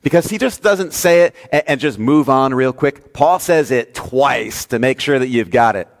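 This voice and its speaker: A male pastor preaching a sermon, telling a story with lively swings between loud, emphatic lines and hushed, soft ones. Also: medium pitch, moderate pace, long reverb tail.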